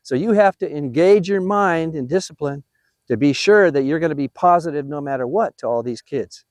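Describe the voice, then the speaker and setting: An older man giving a motivational talk to new youth soccer coaches, animated and encouraging, often checking in with his listeners. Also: fairly high pitch, normal speed, dry recording, studio quality.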